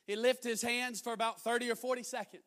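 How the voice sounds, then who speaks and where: A young man delivers a sermon in a notably high voice. He tells his story conversationally and then rises into loud, emphatic preaching. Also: little pitch movement, fast.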